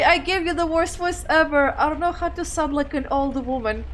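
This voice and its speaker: A woman's voice: high voice, fairly quick, few pauses. A woman playing a game and commenting casually, giggly and self-deprecating. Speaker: let's play streamer.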